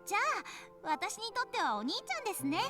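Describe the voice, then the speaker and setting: Teasing anime girl, very high and squeaky, wildly sing-song, quick chatter, game music under it. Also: big pitch swings. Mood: playful. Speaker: voice actress in a visual novel. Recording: game audio with background music.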